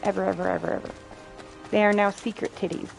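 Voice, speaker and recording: A woman's voice: mid-range voice, steady tone, fast talker, creaky. A young adult woman streaming, chatting casually, blunt, profane and sarcastic. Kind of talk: casual chat while playing. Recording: faint game music behind.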